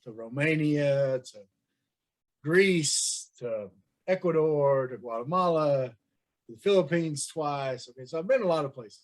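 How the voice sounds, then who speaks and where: A chatty man co-hosting a casual podcast, chuckling as he tells his stories. His voice sits a little high for a man. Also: lively intonation, a little slow. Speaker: podcast co-host. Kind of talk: casual chat.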